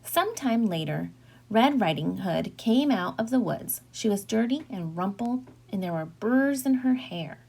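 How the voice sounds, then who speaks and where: A woman teacher narrating a children's storybook aloud with expressive, dramatic storytelling. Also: mid-range voice, unhurried, gravelly, husky.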